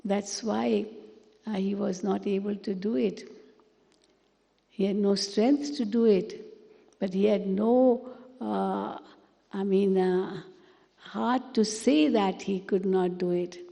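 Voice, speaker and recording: Slow, gravelly woman teaching in a hall. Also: medium pitch. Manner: slow, gentle, repeats words for emphasis. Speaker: spiritual teacher. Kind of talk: spiritual class talk. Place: meditation hall. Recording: long hall reverb.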